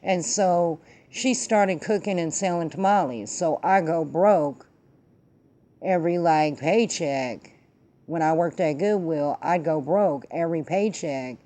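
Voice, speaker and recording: A woman's voice: low voice, a little slow, warm tone. A woman hosting her own vlog, telling a story and ranting about politics in emphatic, profane, slangy talk. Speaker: vlog host. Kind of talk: casual political rant and storytelling.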